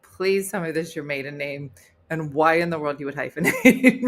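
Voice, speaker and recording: A middle-aged woman hosting a casual livestream chat, playful and teasing with deadpan asides. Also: deep voice, a little fast. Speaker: host.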